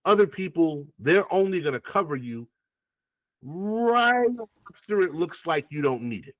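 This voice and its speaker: Rapper dude on an interview, swears a lot, acts out convos, voice jumps all over, dry close sound. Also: male voice, on the high side, a little slow, dry recording. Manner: animated, profane, acts out past conversations. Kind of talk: casual interview storytelling.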